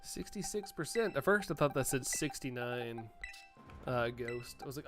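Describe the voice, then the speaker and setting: A man from the United States, a live streamer, chatting casually and answering viewer chat out loud. He sounds a little sniffly from allergies. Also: medium pitch, expressive, normal speed, music in the background.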